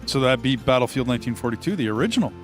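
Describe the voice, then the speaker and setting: A man's voice: medium pitch, animated, rapid-fire, soft background music. Tired male host, easygoing and musing, casual game-night banter on a headset. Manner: laid-back, musing aloud. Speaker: gaming channel host. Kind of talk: casual gaming chat.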